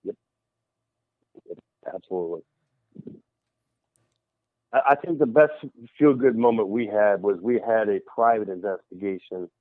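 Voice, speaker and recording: A man's voice: on the low side, unhurried, long pauses, no echo. A man who is a paranormal investigator tells a story in a radio interview, acting out the other people's voices as he goes. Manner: animated storyteller who acts out quoted voices. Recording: tinny phone line, dry.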